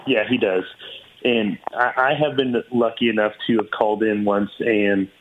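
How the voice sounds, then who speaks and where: A laid-back man with a lowish voice, rambling casually through a chat. He sounds tinny, as if on a phone line. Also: steady tone, moderate pace, background noise. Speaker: roundtable guest.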